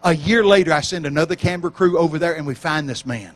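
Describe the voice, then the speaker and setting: Animated preacher man telling stories. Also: fairly high pitch, fast talker. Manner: animated, acts out voices and shouts for emphasis. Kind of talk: storytelling sermon. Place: church camp meeting.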